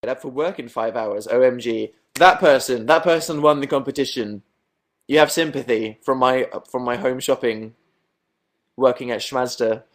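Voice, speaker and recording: Reading viewer comments at a moderate pace, a young Englishman with a medium-pitched voice hosts a casual late-night livestream from his bedroom. His tone is dry and sarcastic, and he makes fun of himself.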